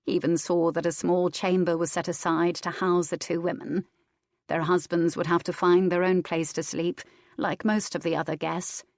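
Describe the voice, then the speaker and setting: A woman reads a historical romance aloud in a steady, measured voice. Her tone sits low, and the recording is dry and close, with no room sound. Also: no echo. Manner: steady, even reading. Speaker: audiobook narrator. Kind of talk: scripted narration.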